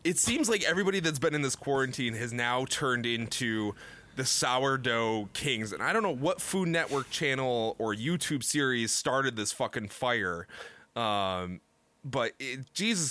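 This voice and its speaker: A man co-hosting a casual podcast, ranting loudly and laughing often. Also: medium pitch, no room sound. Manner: loud, animated ranting with frequent laughs. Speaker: podcast co-host. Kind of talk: casual profane podcast banter.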